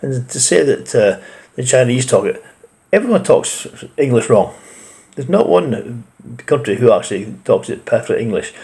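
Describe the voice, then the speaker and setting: A Scottish man speaks in a medium-pitched voice, reacting to a video. His commentary is casual, blunt and opinionated, and he swears mildly now and then. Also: sing-song, moderate pace, darkish tone. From Scotland.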